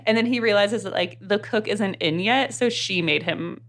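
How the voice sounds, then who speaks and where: A woman from the American South with a light Southern accent, co-hosting a podcast and recapping a book in casual, animated chat full of "like.". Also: medium pitch, moderate pace. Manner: chatty, animated, many "like" fillers. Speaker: podcast co-host.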